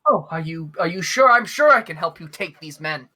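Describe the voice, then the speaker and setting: A man voicing a gracious noblewoman hostess in a tabletop game, polite and halting, with many restarts. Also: a little high, animated, bright, forceful tone, exaggerated voice. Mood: hospitable. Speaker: non-player character.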